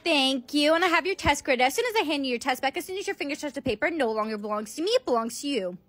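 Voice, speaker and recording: A woman's voice: high voice, expressive, rapid-fire, fairly bright tone, a little hiss or hum, pitched below the performer's own voice. A woman playing a strict mother and teacher who lectures firmly. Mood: stern. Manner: lecturing, firm.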